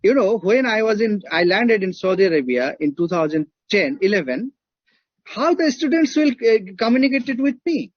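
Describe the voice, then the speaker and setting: A lecturer with an Indian accent speaks in a fairly high, husky voice. He talks emphatically, circling back to his points and checking in with the class. The recording is dull and dry, with little room sound. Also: big pitch swings, moderate pace, dry recording.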